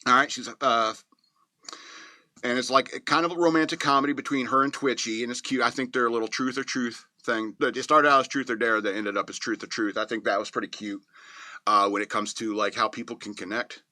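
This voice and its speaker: Bright-voiced man rambling through a movie review. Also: medium pitch, steady tone, no echo. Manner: loose, joking, laughs at his own remarks; slips into quick mocking voices to act out scenes. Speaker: movie reviewer, podcast host.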